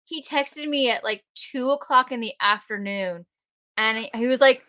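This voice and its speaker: A woman's voice: on the high side, moderate pace, bright, forceful tone. Laid-back woman co-hosting a livestream. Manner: easygoing, teasing, laughs along. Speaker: co-host. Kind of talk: casual livestream chat.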